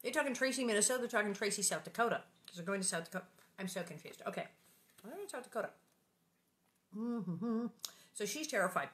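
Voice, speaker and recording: A woman's voice: mid-range voice, expressive, quick pace, long pauses, a bit bright. A woman reading a children's book aloud and breaking off for playful, joking asides. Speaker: reader and host of the channel.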